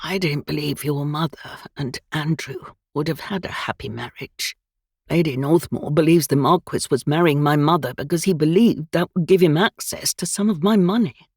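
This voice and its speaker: A woman voicing a courteous young lord who speaks in a measured way. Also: low-pitched, a little mellow, husky, no echo, clean studio sound.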